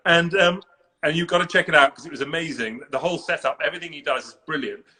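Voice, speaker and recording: Bright high-voiced English man hosting. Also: quick pace. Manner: playful, teasing, laughs often. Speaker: host. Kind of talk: casual live-stream chat. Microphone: video call.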